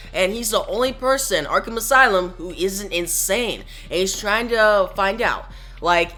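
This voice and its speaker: A man's voice: high-pitched, pushed and bright. A man casually recapping a comic book, retelling it with enthusiasm and sound effects.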